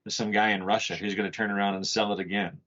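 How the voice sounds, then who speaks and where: Low-ish dude cussing and rambling on a podcast, dull lo-fi audio. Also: male voice, quick pace. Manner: profane, rambling, animated. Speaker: podcast co-host. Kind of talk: casual chat. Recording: muffled lo-fi audio.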